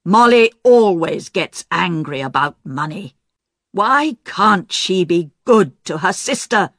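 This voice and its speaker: Lady doing grumpy old uncle, blunt, lively up-and-down pitch. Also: takes it slowly, no echo, studio quality, heavily acted. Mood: grumbling. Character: old uncle with white hair, blunt and grumbling.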